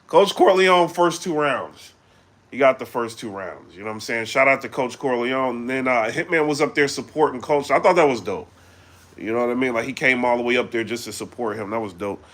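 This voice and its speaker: A man chatting casually on a live stream, animated and full of fillers, breaking into loud shouts when he gets excited. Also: mid-range voice, fairly quick. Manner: animated, loose, full of fillers like "you know what I'm saying". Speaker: battle rap commentator.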